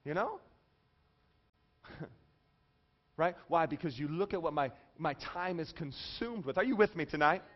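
Pastor in a relaxed, humorous sermon; a man with a high voice, slightly dull recording. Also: measured pace, long pauses. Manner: conversational, jokey, with frequent checks on the audience.

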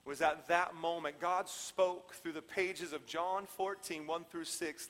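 A man preaching a sermon as a pastor, repeating phrases and swinging from loud proclamations to hushed asides. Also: fairly high pitch, measured pace, few pauses, big-room sound.

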